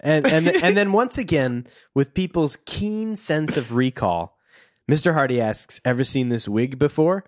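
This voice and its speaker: A man co-hosting a laid-back book discussion, reading passages out and cracking wry jokes about them. His voice sits a bit high and swings widely in pitch. It is recorded close and dry, with no room sound. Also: expressive, a little slow, no room sound. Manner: wry, reads passages aloud and riffs jokingly. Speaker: podcast co-host. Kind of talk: casual book-discussion chat, reading aloud.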